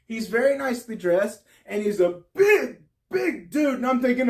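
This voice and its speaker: Man, very high voice, animated stand-up storytelling, distant mic. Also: brisk. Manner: animated, breaks into high yelps and laughter. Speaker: stand-up comedian.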